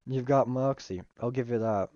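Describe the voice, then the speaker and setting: A man's voice: medium pitch, moderate pace, mellow, dry recording, highs cut off. A man streaming himself playing a visual novel, reading the text aloud with playful, joking asides.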